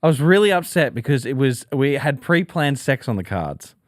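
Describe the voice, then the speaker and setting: Man, 30s, podcast co-host, casual storytelling, very lively pitch, dry sound. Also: normal speed, no room sound. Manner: animated, jumps into high-pitched voices for quoted people.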